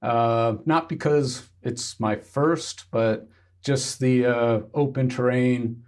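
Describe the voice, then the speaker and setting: A man from Kansas, a guest on a podcast, telling stories in a halting way with many pauses and fillers. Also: medium pitch, fairly even intonation, a little mellow. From Kansas, United States. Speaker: guest hiker. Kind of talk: casual interview.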